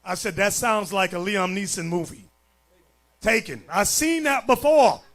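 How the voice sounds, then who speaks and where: A man preaching as a bishop, blunt and forceful, dropping to low mutters and rising to shouts. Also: lively intonation, a little slow. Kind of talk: sermon.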